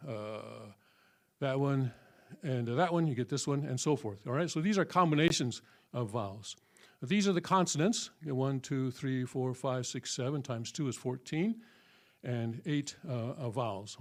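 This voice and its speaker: In a church hall, a church teacher gives a patient, step-by-step classroom lecture, using many fillers and checking in often with his listeners. His voice is mid-range and a little mellow.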